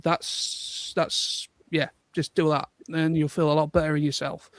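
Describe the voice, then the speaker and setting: An English man co-hosts a casual livestream chat, rambling earnestly with lots of fillers. His voice sits high, and the sound is dry and close. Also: little pitch movement, unhurried, fairly bright tone, no room sound. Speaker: livestream co-host.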